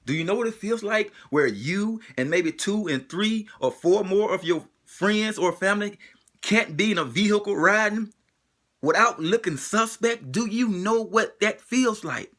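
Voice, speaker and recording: Man, emotional spoken monologue, repeated rhetorical questions, bright forceful tone, swooping pitch. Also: animated, a little slow.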